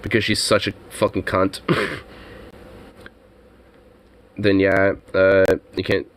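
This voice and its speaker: A man's voice: low voice, flat delivery, slow pace, slight background noise. A young man telling a story casually, rambling and swearing constantly. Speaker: streamer.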